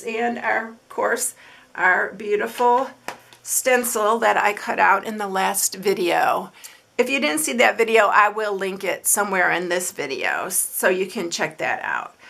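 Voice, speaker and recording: A woman's voice: a little high, creaky, bright, forceful tone. A middle-aged woman, demonstrating card making in a chatty, gushing tutorial. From Texas. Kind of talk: casual craft tutorial.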